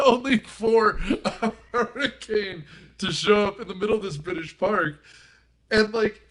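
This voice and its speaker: Guy with a higher voice gushing about a movie, lots of giggles, on a podcast. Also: slow, long pauses. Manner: animated, giggly, retells scenes at length. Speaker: podcast panelist. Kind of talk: casual movie discussion.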